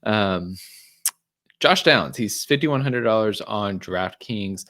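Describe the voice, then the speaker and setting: A man's voice: fairly low pitch, expressive, slow, fairly bright tone. A man casually breaking down fantasy football picks as a show regular, with lots of ums and the odd dry sarcastic aside. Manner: chatty, frequent ums and restarts, dry sarcasm. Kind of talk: casual podcast chat.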